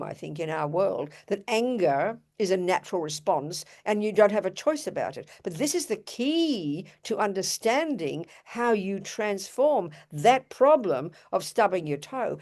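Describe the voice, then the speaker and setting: A woman's voice: medium pitch, a little mellow. An older woman giving an earnest, emphatic Buddhist dharma talk, with rhetorical asides to her audience. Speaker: Buddhist teacher.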